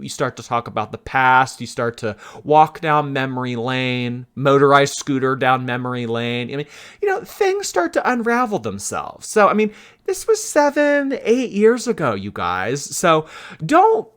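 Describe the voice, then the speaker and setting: A man hosting a chatty commentary vlog, his pitch swinging up and down as he talks. He speaks playfully and with animation, stretching out jokey asides. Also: sing-song, moderate pace, a bit bright. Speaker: YouTube commentary host.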